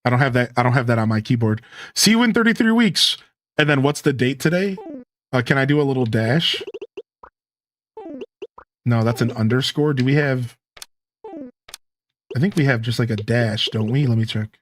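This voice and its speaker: A man live-streaming a modded life-sim game, chatting casually to his viewers and himself in a relaxed, slangy way. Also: medium pitch, moderate pace, long pauses, slight background noise.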